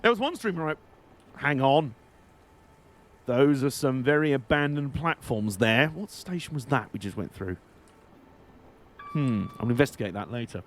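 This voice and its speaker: A man streaming a game, chatting in a rambling way and laughing often. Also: medium pitch. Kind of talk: casual live-stream commentary.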